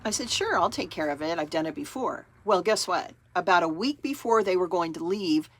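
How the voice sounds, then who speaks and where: A woman's voice: on the low side, animated, fairly quick, fairly bright tone, no echo. A woman astrologer talking casually to camera in a chatty, rambling way, acting out her own thoughts as she goes.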